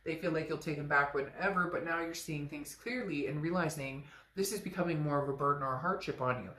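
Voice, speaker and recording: A woman giving a casual tarot reading, frank and animated, sometimes swearing and acting out what people might say. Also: quick pace, roomy sound. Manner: animated, frank, swears, acts out quoted lines in a high voice. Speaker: tarot reader.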